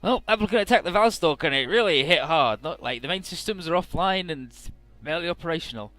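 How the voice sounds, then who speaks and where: A man in casual let's play commentary, his voice bright and lively as he swings up and down in pitch. He is irreverent, swears freely and trips over strange names. Faint game music runs under his voice. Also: fast, no room sound. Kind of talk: casual game commentary, reading dialogue aloud.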